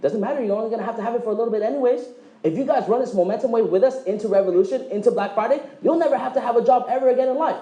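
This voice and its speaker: A man giving a motivational sales presentation, joking and quizzing the audience, acting out quick dialogues. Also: extremely high pitch, warm tone, reverberant, dull audio. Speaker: presenter at a direct-sales meeting. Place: meeting room with live audience.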